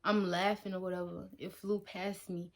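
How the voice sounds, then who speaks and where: A young woman from Detroit talking casually to camera as a vlogger. She tells a story in a slangy, animated way and acts out her own lines. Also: mid-range voice, normal speed, heavy background noise.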